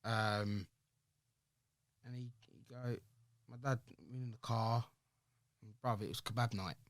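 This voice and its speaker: A man's voice: mid-range voice, a little slow, dry recording, studio quality. A young man, a podcast guest candidly telling personal stories in slangy talk, often acting out other people's words. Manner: slangy, animated, acts out quoted voices.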